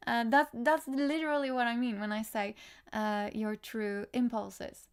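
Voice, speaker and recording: A woman's voice: fairly high pitch, steady tone, measured pace, clean tone. A young woman reading cards on a casual livestream, chatty and easily distracted, laughing often as she talks to viewers. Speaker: tarot card reader.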